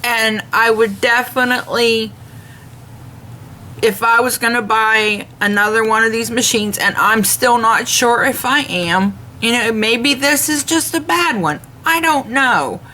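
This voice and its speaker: Earnest lady ranting to camera about a bad purchase, slow and careful, brightish higher voice, faint hum behind. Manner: earnest, measured, retells dialogue in detail; devout, speaks of faith. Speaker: vlogger. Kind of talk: complaint rant to camera.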